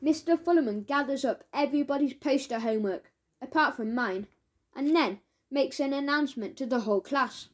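Woman narrator for a kids' audiobook, high voice, lively cheeky delivery. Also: normal speed. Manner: lively first-person storytelling as a cheeky schoolboy. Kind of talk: children's audiobook reading.

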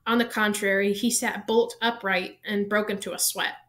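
A woman reading a children's novel aloud, narrating in an even, steady storytelling manner. She keeps the flow plain, now and then catching and fixing a slipped word. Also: mid-range voice, normal speed. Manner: even storytelling pace, small self-corrections. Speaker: reader.

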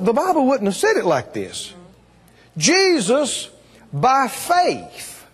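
Male revival preacher, high and lively voice, long hall reverb. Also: slightly rough. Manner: emphatic, call-and-response with the congregation. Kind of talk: revival sermon. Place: church or meeting hall.

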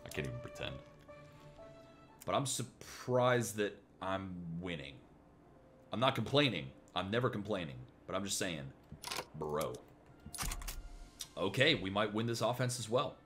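An excitable man talks through a strategy game, veering between mutters and loud jokey outbursts. His pitch swings widely as he reacts. Faint music plays underneath. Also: measured pace, long pauses. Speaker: gameplay streamer. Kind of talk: casual gameplay commentary.

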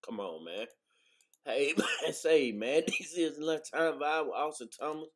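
A man's voice: a little high, lively intonation, measured pace. A man hosting a casual livestream chat, laid-back and laughing easily, ending his lines with "man". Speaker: host.

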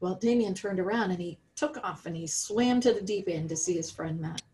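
A woman's voice: on the low side, brisk, warm tone, low-quality recording. A woman with an American accent teaching a children's religion lesson, reading a story aloud and asking the listeners questions about it.

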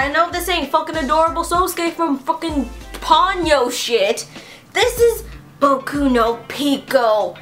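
A young woman with a high, bright-pitched voice chatters through a quiz on her vlog, swearing freely and flipping between mock outrage and giggles. Faint music plays softly behind her. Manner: excitable and profane, swearing constantly. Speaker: YouTuber taking an online quiz. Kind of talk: casual vlog commentary.

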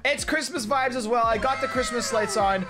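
High-voiced hyped gaming host, man. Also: brisk, over music. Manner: hyped, shouty announcing, teasing. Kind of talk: excited gaming video commentary.

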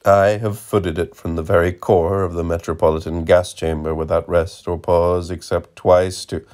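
A man's voice: sits low, flat delivery, moderate pace, darkish tone, close to an everyday voice. A man reading the lines of a brash, leering, burly old wanderer who talks in a blustering, declamatory way.

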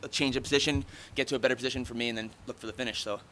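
Speaking at a steady medium pitch, pushed and bright, with slight background noise, a fighter in his thirties answers reporters after a fight. The casual replies pour out fast, blunt and heavy on profanity.

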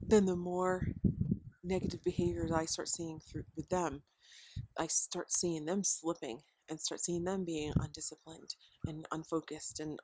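Her voice is lowish and darkish, with a slight hiss or hum behind it. A homeschooling vlogger, she rambles through casual parenting advice to the camera from her yard by the deck and chickens, using many fillers and laughing often.

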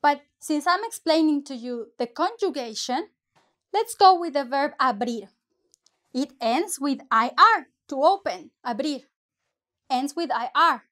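High-voiced, slow-talking teacher woman. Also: expressive, fairly bright tone. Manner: patient, explains step by step, mixes English and Spanish. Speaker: Spanish teacher. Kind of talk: language lesson.

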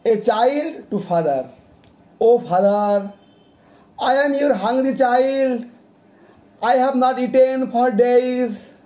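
A man, a poet, reciting his own poems, announcing each title and page number deliberately and repeating them, then explaining each poem. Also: extremely high pitch, warm tone. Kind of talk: poetry recitation.

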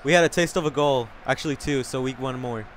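A young man commentating his own soccer video game live, excitable and swearing, whooping and yelling at big plays. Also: mid-range voice, fast talker, a little hiss or hum. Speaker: gamer.

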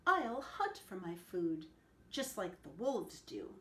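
A woman's voice: medium pitch, sing-song, takes it slowly, pushed and bright, exaggerated voice. A woman voicing a young male pet dog who longs to be wild, in a storybook read-aloud, eager and wistful. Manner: eager, wistful, breathless when scared. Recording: echoey room.

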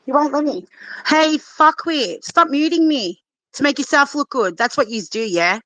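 High-voiced angry woman swearing. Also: expressive, normal speed, sharp tone, dry recording, rough recording. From Australia. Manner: angry, swearing, hurling insults. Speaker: caller. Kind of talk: heated live-stream argument.

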